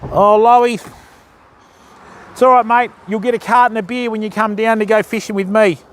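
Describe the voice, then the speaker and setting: Aussie bloke streaming on his phone, really high voice, chatty and matey with viewers. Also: fairly even intonation, moderate pace. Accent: Australian. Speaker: fishing live-streamer. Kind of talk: casual live-stream chat.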